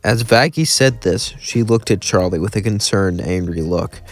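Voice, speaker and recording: A man's voice: on the low side, normal speed, soft background music. A man casually narrating a fan story in a loose, rambling way.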